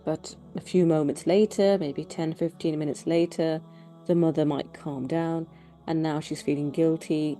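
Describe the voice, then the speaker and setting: A woman speaks in a low, warm voice, steady and reflective as she explains how parents can stay calm. Her delivery is gentle and unhurried, like a lesson given straight to the viewer. Soft music sits quietly beneath her words. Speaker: parenting educator. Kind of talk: calm explanatory talk to camera.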